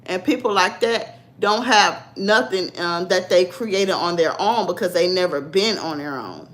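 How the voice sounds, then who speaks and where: A woman's voice: lowish voice, lively intonation, unhurried. Blunt sassy woman chatting to her viewers. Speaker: livestream vlogger. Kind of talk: casual livestream chat.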